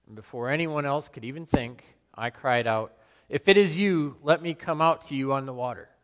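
A man playing the apostle Peter, a burly fisherman full of guilt, in a solemn, halting dramatic monologue. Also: mid-range voice, a bit bright, close to an everyday voice. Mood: remorseful. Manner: solemn, halting and self-questioning. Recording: long reverb in a large hall.

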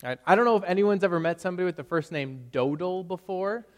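A young male pastor delivers a sermon with a slightly high voice, talking easily and telling stories as if chatting with the congregation. His words ring out with a long reverb, as in a church sanctuary. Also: lively intonation, fast. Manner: storytelling, conversational with frequent "right?" asides.

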